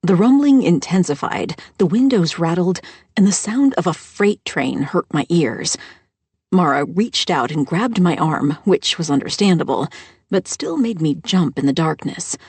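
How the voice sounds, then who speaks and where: A woman narrating a first-person mystery audiobook in a steady storytelling voice on a close microphone. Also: on the low side, measured pace, husky, no room sound.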